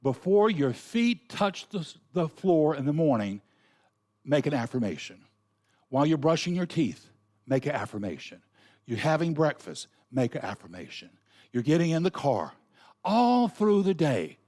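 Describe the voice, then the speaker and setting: A man's voice: fairly high pitch, big pitch swings, moderate pace, darkish tone. Southern man preaching a folksy sermon. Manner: folksy, earnest, conversational preaching with asides. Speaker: minister.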